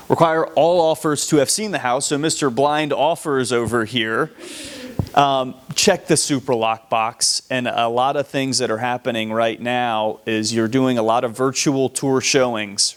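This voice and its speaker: Steady, plain-spoken Southern man. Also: mid-range voice. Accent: Southern American. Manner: plain, steady, practical, a few restarts. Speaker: real estate agent co-presenter. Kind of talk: instructional talk.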